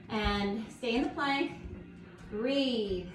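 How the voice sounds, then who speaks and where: A woman guiding a yoga class at home, calm and encouraging as she talks listeners through each pose. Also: on the high side, measured pace. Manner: calm, encouraging, gently instructive. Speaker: yoga instructor. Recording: echoey room with faint music.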